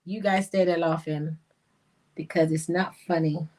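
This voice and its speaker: Animated woman a lilt. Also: lowish voice, a little slow. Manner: animated, slips into patois, bursts of laughter. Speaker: life coach and commentator. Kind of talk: livestream commentary reading comments.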